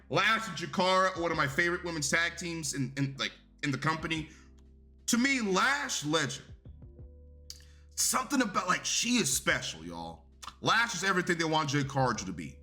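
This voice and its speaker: A man's voice: on the high side, sharp tone. A young man giving a casual, rambling and profane review of a wrestling show.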